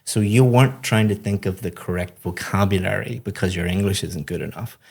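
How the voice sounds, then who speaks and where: A man with a very deep voice talks through a speaking test result as an English teacher. He explains each point patiently and praises generously in a relaxed podcast style. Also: a little fast, gravelly, breathy edge. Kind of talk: podcast feedback.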